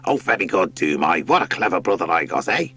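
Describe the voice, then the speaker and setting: A man's voice: deep voice, big pitch swings, fairly quick, bright, forceful tone, husky, full character voice. A man voicing a sarcastic, scolding male sea rat in a storybook reading. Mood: scornful. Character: squabbling male sea rat, sneering bully.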